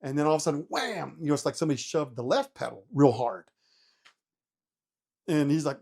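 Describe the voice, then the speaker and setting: Brisk and a little high, his voice carries lively intonation as this middle-aged former helicopter pilot tells a story in an informal interview. He dramatizes his own panicked reactions and swears liberally.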